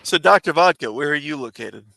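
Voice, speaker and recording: Gravelly bright-voiced joking man. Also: animated, a little fast. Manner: jokey, pitching bits. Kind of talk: casual banter.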